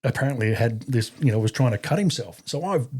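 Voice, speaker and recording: A middle-aged army veteran with an Australian accent tells a blunt, profane, rambling story as a podcast guest in a casual, anecdotal style. His medium-pitched voice is expressive, husky, a little mellow, and a little fast.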